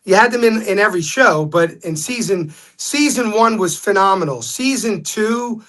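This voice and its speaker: A man, a guest telling stories in a casual interview, animated when quoting others. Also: sits high, moderate pace.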